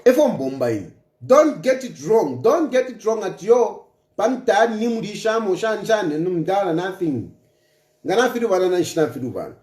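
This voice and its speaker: A man rants about politics in a high, swinging voice that leaps up and down as he presses each point. He is emphatic and taunting, repeating his lines over and over for effect. The sound is roomy, with a clear echo around him. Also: very animated, moderate pace, darkish tone. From Zambia. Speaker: political commentator. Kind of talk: impassioned political rant.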